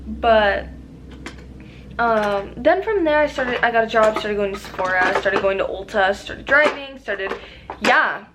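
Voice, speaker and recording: A young woman rambling casually in a makeup vlog, profane and excitable with lots of fillers, recorded on a camera mic at home. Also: mid-range voice, measured pace, background noise. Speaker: beauty vlogger.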